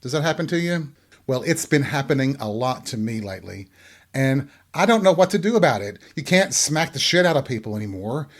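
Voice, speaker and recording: A man's voice: medium pitch, sing-song, a little fast. A man hosting his own show, ranting crudely and sarcastically. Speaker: podcast host. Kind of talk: profane comedic rant.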